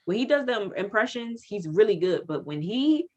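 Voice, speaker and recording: A woman co-hosting a casual podcast chat, profane and animated, laughing while she rants. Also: medium pitch, normal speed, muffled recording. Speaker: podcast co-host.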